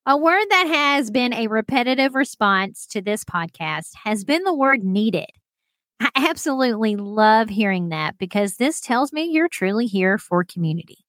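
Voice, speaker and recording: A fairly high-voiced woman talks straight to her listeners in a solo podcast. Her manner is bubbly and chatty, and she laughs often. The sound is dry and close. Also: a bit bright, no room sound. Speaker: podcast host.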